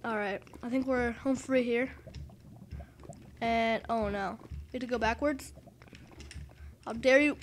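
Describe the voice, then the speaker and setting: A woman giving excitable, self-mocking commentary over her own gameplay and exclaiming at every failed jump. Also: a little high, takes it slowly, long pauses. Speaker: gaming video host.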